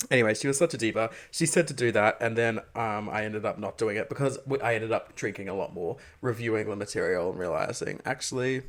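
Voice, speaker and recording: A man's voice: fairly low pitch, a little fast. A young man, co-hosting a podcast and telling a gossipy story full of camp slang. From Australia. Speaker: podcast co-host. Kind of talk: casual chat.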